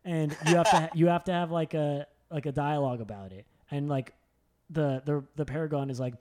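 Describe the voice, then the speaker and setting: A young man chatting casually and excitedly, rambling with lots of filler words and swearing. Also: fairly high pitch, fairly quick. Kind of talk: casual chat.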